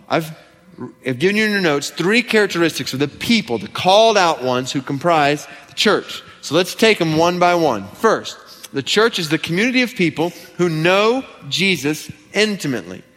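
Man, pastor, sermon, slightly high voice, emphatic repetition, church sanctuary, long hall echo. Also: animated, moderate pace, fairly bright tone. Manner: earnest, emphatic, repeats key lines for stress. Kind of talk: expository sermon. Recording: long reverb from a large hall.

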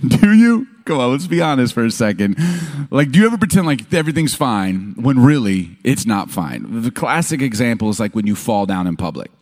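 A man's voice: medium pitch, moderate pace. A man preaching from a stage, telling stories with humor and acting out what people say. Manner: animated storytelling, acting out quotes. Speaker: pastor. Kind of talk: sermon. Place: stage before an audience.

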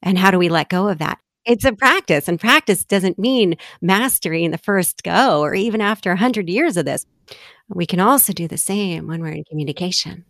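A woman telling personal stories in a relaxed conversation, laughing often and acting out bits of dialogue as she reflects. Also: fairly low pitch, moderate pace, no echo, studio quality. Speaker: guest.

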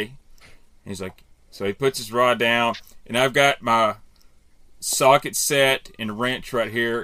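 A man in his thirties with a bright, forceful voice that sits a little low. He tells a casual story with animated, profane energy and pokes fun at himself as he goes. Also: a little hiss or hum. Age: 30s. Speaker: podcast panelist.

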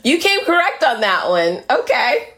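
A woman's voice: a little high, sing-song, normal speed, fairly bright tone. A woman hosting a casual chat, playful and teasing, laughing often. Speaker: host.

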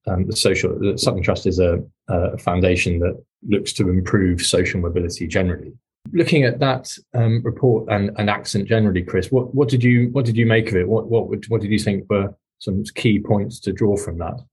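A man with a received pronunciation English accent hosting a work podcast, speaking in a measured way with frequent ums and restarts. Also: lowish voice, steady tone, darkish tone. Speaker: podcast host, employment lawyer. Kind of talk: hosted podcast discussion.

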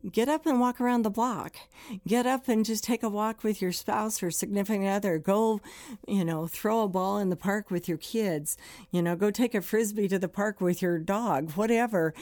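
A woman's voice: medium pitch, a little mellow, no echo. A woman hosting a podcast for first responders, giving plainspoken advice in a conversational way and acting out quoted complaints.

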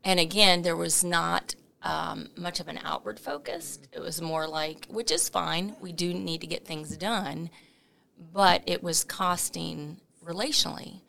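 A middle-aged woman telling a story as an interview guest, animated and laughing, with many fillers. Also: fairly low pitch, unhurried, vocal fry. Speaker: coffee company founder, interview guest.

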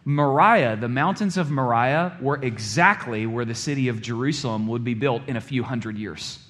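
A man preaching a sermon in a conversational way, often checking in with the congregation and dropping low and quiet for dramatic moments. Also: normal speed.

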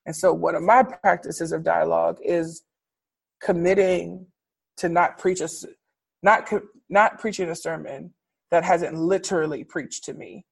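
A woman preacher and teacher reflecting candidly in conversation, animated and expressive, laughing often. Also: fairly low pitch, unhurried, vocal fry, husky.

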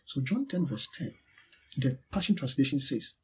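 A man's voice: medium pitch, sing-song, moderate pace, husky, low-quality recording. A man preaching a sermon, teaching with emphatic repetition and call-and-response with his listeners.

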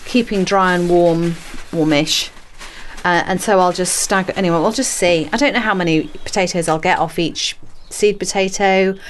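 A woman hosting a gardening podcast from her greenhouse, chatty and self-mocking with playful asides. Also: on the low side. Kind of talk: casual gardening podcast chat. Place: garden and small greenhouse, outdoors.

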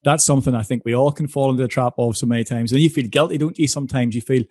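Host: man, fast-paced, affirming interviewer, dry close mic. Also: mid-range voice, fairly even intonation, a little mellow, dry recording. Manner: reflective, affirming, asks follow-up questions. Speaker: podcast host. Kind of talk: interview conversation.

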